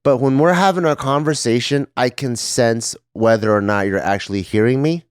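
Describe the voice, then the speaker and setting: A man's voice: medium pitch, normal speed, smooth, no room sound, studio quality. A man co-hosting a podcast, telling frank and profane stories in casual chat. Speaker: podcast co-host.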